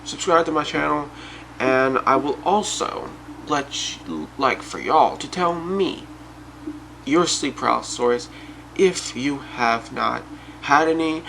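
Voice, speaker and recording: A man's voice: mid-range voice, animated, a little slow, creaky, sharp tone, a little hiss or hum, low-quality recording. A man telling a personal story and talking casually and directly to his viewers. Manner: chatty, addresses viewers directly. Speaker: YouTube storyteller.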